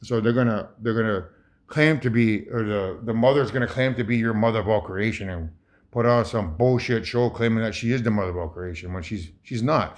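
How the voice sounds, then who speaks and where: A man's voice: lowish voice, creaky. A man from Ontario, Canada, giving rambling, heated commentary over a video, swearing often and restarting his sentences. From Ontario, Canada (Saugeen First Nation). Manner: heated, profane, emphatic with many restarts.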